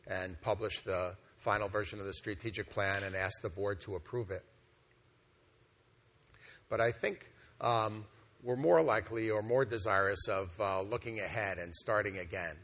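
A man with a somewhat low voice gives a conference presentation at a meeting. He explains things in a conversational, unscripted way, often pausing with "um" and restarting phrases. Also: a bit bright. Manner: conversational, with frequent fillers and restarts. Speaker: organization executive presenting a plan.

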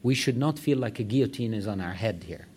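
A man's voice: on the low side, lively intonation, fairly quick, a little mellow, a little hiss or hum. A man executive giving direct, emphatic remarks to a meeting. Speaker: organization executive addressing a meeting. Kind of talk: conference remarks.

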